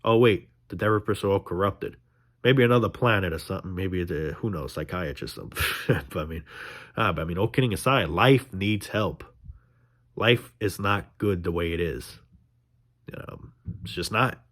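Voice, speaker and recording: A man's voice: deep voice, a little fast, fairly bright tone. A young man ranting in a casual vlog monologue, frustrated and profane, rambling with restarts. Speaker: vlogger.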